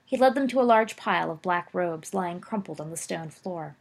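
A woman's voice: fairly low pitch, lively intonation, normal speed, vocal fry. A woman reading a story aloud, narrating evenly with occasional small slips. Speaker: reader. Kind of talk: fan fiction read aloud.

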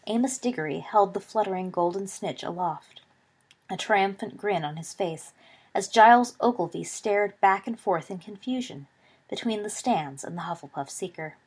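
A woman narrating a story aloud, reading with expressive swings in volume. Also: mid-range voice, normal speed, husky. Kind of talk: audiobook reading of fan fiction.

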